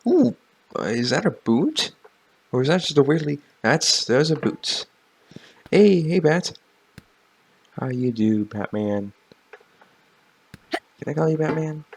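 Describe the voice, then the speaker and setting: A man's voice: fairly high pitch, very animated, slow, vocal fry, long pauses, slightly rough. A man giving casual gameplay commentary, playful and joking, with sudden exclamations. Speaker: gaming YouTuber.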